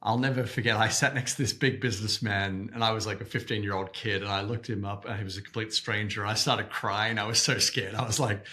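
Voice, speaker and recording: An Australian man in his forties with a low voice and a bright, forceful edge. He tells stories in an animated way, doubling back on words as he restarts. He speaks as an interview guest. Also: brisk, hardly any pauses. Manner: animated storyteller, repeats words when restarting. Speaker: guest, activist organization co-founder. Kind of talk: interview storytelling.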